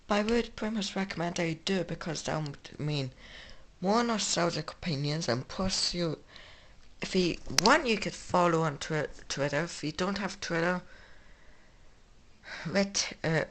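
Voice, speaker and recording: A man's voice: high-pitched, a little slow, fairly bright tone. A male gaming channel host with an English accent, talking through games in casual, rambling commentary full of restarts. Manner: rambling, many restarts and fillers.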